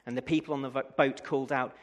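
A man preaching a sermon, swinging from loud rousing declarations to a calm conversational teaching tone. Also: medium pitch, fast, in a large hall.

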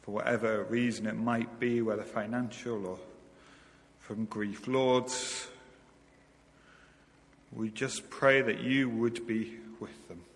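A man leading a slow, gentle spoken prayer in church as minister, often repeating "Lord". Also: lowish voice, steady tone. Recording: hall reverb.

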